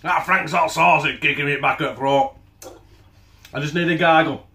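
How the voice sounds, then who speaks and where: A man's voice: on the high side, steady tone, moderate pace, sharp tone. A man hosting a casual cooking vlog, chatting bluntly with plenty of swearing and jokes, sometimes with his mouth full. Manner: blunt, sweary, jokey banter; talks with his mouth full while tasting. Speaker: cooking channel host. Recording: echoey room.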